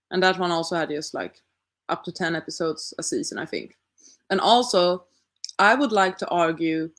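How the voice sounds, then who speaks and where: A woman's voice: lowish voice, a bit bright. A young woman casually chatting with her stream audience, thinking aloud and asking rhetorical questions. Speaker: livestream host reading chat. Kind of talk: casual chat.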